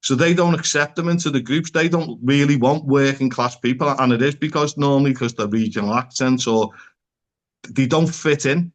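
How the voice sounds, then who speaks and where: A man's voice: mid-range voice, moderate pace. A man who is a psychotherapist, talking as a podcast guest in an earnest, conversational way and often posing rhetorical questions.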